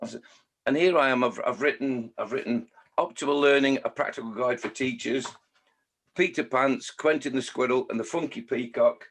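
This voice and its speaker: Husky-voiced chatty storyteller in his sixties. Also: mid-range voice, normal speed, fairly bright tone. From Scotland, raised in Staffordshire. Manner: chatty, self-mocking, mimics voices. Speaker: children's poet and author. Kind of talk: casual interview storytelling.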